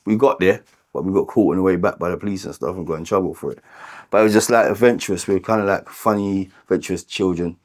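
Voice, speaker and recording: A man with a London accent telling his own life story in a candid, halting way, often repeating words and using "like" as filler. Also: sits low, a little mellow. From London, England.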